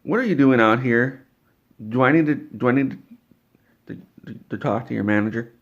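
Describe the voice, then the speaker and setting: A man's voice: mid-range voice, moderate pace, dull audio, lightly acted. A man voicing an angry, demanding mother who stutters while she complains.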